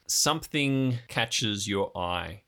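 A man's voice: fairly low pitch, expressive, slow pace, pushed and bright, a little hiss or hum. A young man narrating a tabletop game as game master, describing scenes in a suspenseful storytelling manner.

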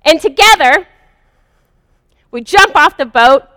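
Woman speaker, high bright voice, earnest confessional storytelling, long hall reverb. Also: animated, slow pace. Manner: earnest, confessional, vivid retelling. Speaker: speaker sharing a personal story. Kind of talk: first-person spiritual storytelling.

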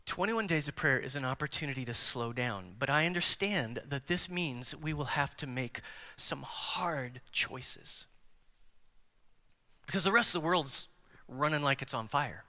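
In a large church sanctuary, a pastor preaches a sermon in a mid-range voice at a measured pace, shifting from emphatic declarations to hushed near-whispers. He engages the congregation by putting direct questions to them, and the recording carries the sanctuary's long hall reverb.

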